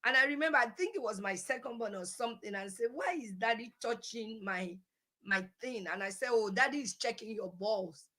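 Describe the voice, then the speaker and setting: Bright-voiced woman coach. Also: fairly high pitch, lively intonation, a little fast. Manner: earnest, preachy, repeats phrases for emphasis. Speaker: parenting coach and host. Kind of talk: conversational teaching talk.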